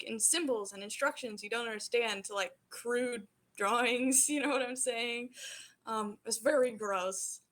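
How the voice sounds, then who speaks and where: A woman's voice: a little high, fairly bright tone. A woman running a tabletop game as game master, narrating casually with lots of fillers.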